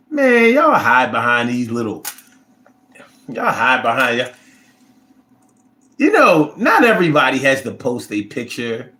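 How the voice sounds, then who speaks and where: A man's voice: medium pitch, a bit bright. A man hosting a casual livestream who reads viewer comments and talks in a blunt, profane, rambling way. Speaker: livestream host reading chat.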